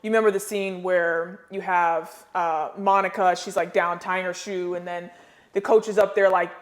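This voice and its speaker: A former pro basketball player from the United States, appearing as a podcast guest, tells stories in a casual interview. She's animated and slangy and acts out different voices. Her voice is on the low side at a moderate pace.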